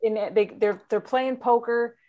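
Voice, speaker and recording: A woman's voice: on the high side, steady tone, moderate pace, dark tone, slight background noise. A woman hosting a podcast in casual chat, eager and chatty like a fan. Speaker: podcast host.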